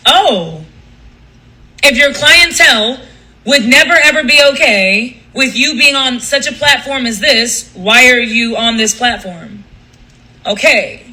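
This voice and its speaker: A man's voice: very high-pitched, takes it slowly, pushed and bright, rough recording. A man hosting a livestream, ranting casually in a blunt, profane, gossipy way. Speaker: livestream host.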